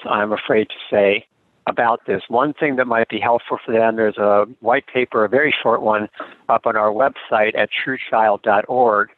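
Middle-aged guy explaining stuff in an interview, earnest, trips over his words a bit, thin phone-line sound, no room echo. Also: lowish voice. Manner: earnest and thoughtful, with frequent restarts. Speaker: guest expert on gender norms. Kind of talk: conversational interview over a remote call.

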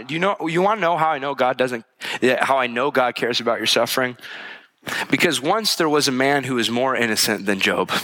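A pastor with a medium-pitched voice preaches a sermon earnestly and conversationally. When he offers heartfelt prayers, his voice drops to a hush.

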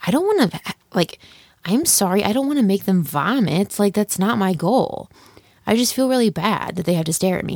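Rambling young female podcast host, gravelly fry, dry close sound. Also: mid-range voice, a little mellow, dry recording. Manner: rambling, chatty, self-deprecating, lots of "like". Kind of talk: casual solo podcast chat. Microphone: studio microphone.

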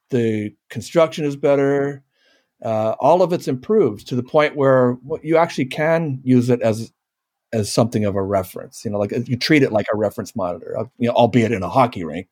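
A man's voice: medium pitch, a little mellow, no echo, studio quality. A middle-aged man, a live sound engineer with twenty years in the trade, chatting casually, joking and trailing off at the ends of phrases. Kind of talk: casual panel discussion.

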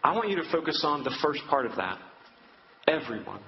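Earnest preacher in an echoey hall. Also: male voice, on the high side, big pitch swings, a little fast, creaky, a little hiss or hum. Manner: earnest, direct address with repeated reassurance. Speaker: campus minister preaching. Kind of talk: sermon. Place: large hall with an audience. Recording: echoey hall, dull sound.

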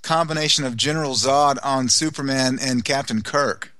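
A man chatting as a guest on a radio show, cheerful, rambling and halting as he searches for words. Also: medium pitch, pushed and bright, dry recording, studio quality. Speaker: guest co-host. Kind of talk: casual radio chat.

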